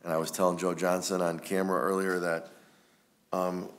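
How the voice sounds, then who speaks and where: A man's voice: low-pitched, level tone, normal speed. A man giving rambling, friendly remarks with many fillers at a township board meeting. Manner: warm, rambling, many ums.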